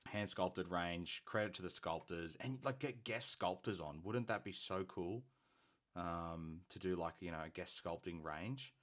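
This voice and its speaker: Deep-voiced Australian man chatting on stream. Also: unhurried, a bit bright. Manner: chatty and rambling, thinking aloud with fillers. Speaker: host of a hobby painting stream. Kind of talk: casual live-stream chat.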